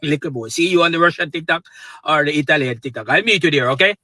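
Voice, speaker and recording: A man's voice: a little high, fast, sharp tone, no room sound. A man doing a playful, teasing comedy skit for social media. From Jamaica.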